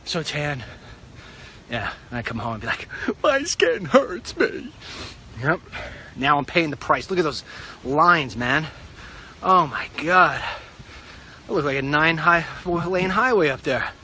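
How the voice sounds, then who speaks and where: A middle-aged man telling a rambling story in a casual vlog, wry and animated. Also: fairly high pitch, unhurried, pauses often, a little hiss or hum. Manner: wry, animated, puts on silly voices for quotes. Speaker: vlogger.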